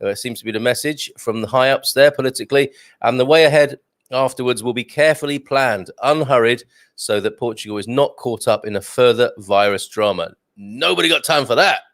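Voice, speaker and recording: A chatty male host talking over a morning live stream in a self-deprecating way, with frequent laughs. His voice is mid-pitched and sits close and dry against the mic. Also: steady tone, a little fast, no echo. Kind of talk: casual live-stream chat and news reading.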